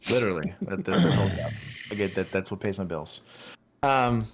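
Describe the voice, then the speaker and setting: A man's voice: low voice, animated, fairly quick, vocal fry, slight background noise. A man from Texas co-hosting a casual livestream, joking and rambling with frequent laughs. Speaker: livestream co-host.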